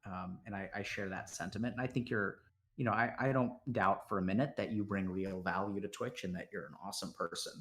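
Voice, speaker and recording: Lowish male voice on a video call, supportive counselor type, halting restarts, echoey room. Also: fairly even intonation, a bit bright. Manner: halting, repeats words when starting a sentence. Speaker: guest counselor on a stream. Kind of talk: supportive conversation. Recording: roomy echo.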